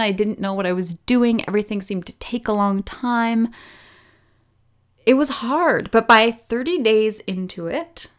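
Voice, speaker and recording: Chatty woman telling her story. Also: mid-range voice. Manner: chatty, animated, laughs easily. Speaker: podcast host. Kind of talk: personal storytelling.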